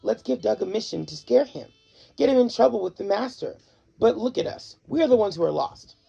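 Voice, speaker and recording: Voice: mid-range voice, lively intonation, fairly quick, creaky, dark tone, breathy edge, highs cut off, soft background music, voice pushed up, full character voice. A reader voicing a complaining, nervous male dog. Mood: grumbling. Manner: complaining, whiny. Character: grumbling, anxious male dog.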